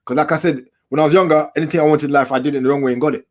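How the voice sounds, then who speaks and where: A man's voice: a little high, very fast. A middle-aged man, guest in an interview, telling his stories in casual street slang. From England. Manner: street slang, animated storyteller. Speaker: documentary filmmaker, guest.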